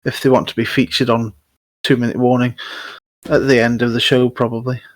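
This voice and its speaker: A man's voice: mid-range voice, little pitch movement, fairly quick, no echo. A man hosting a casual sports podcast, chatty and laughing easily, often restarting his sentences. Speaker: podcast host.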